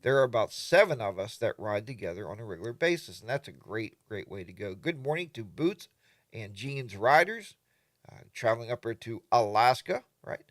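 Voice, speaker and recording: Animated older man, lively casual chat. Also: mid-range voice, normal speed, no room sound, clean studio sound. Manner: animated, mimics other riders in exaggerated voices. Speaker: livestream host. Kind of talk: casual live chat reading viewer comments.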